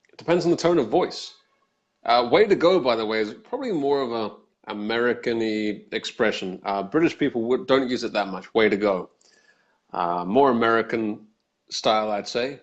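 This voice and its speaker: A man's voice: medium pitch, moderate pace, muffled recording. A man co-hosting a live English Q&A, explaining phrases and acting out example tones of voice. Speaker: English teacher, co-host. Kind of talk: live-streamed Q&A chat.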